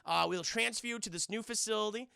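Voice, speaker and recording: A man's voice: high-pitched, fast, creaky, sharp tone, clear, resonant tone, dry recording, clean studio sound, exaggerated voice. A man voicing an earnest young female FBI trainee in a loose, rambling retelling.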